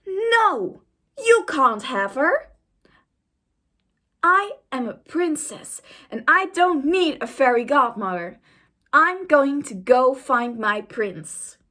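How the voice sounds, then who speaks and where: A woman voicing Cinderella as a defiant young princess who turns loud and bossy. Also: a little high, slow, pauses often.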